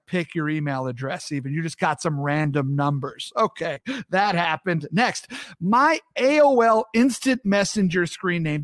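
A man's voice: high voice, dry recording, studio quality. A man in his thirties from the US East Coast, hosting a casual show and joking with his chat in an upbeat way. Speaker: podcast host.

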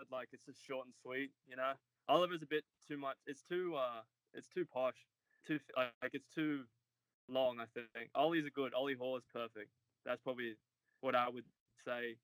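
A young Australian man in his twenties answers podcast questions in a loose, rambling way, with plenty of filler words. His voice is bright and forward, and the sound is dry and close. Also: mid-range voice, steady tone, moderate pace, dry recording, low-quality recording. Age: 20s. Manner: laid-back and rambling, heavy on "like" and "uh". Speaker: podcast guest, college runner. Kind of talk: casual interview chat.

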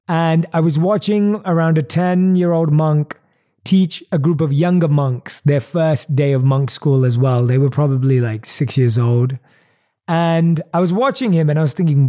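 A man telling a personal story to an audience, speeding up in excited bursts and slowing for emphasis. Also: a little high. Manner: animated storyteller, quick bursts and slow emphatic phrases. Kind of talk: storytelling talk.

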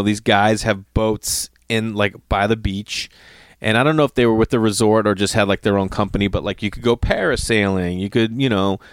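A man's voice: mid-range voice, no room sound, clean studio sound. A man telling a rambling travel story, swearing freely and acting out what people said. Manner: profane, animated, acts out quotes. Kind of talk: casual storytelling monologue.

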